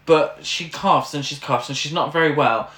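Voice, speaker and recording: A woman's voice: low voice, moderate pace. A woman co-hosting a casual podcast chat, laughing often and swearing freely. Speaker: podcast co-host. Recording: echoey room with background noise.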